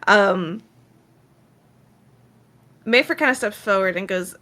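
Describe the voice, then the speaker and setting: A young woman narrating as game master, soft and halting, often dropping to a hush. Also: mid-range voice.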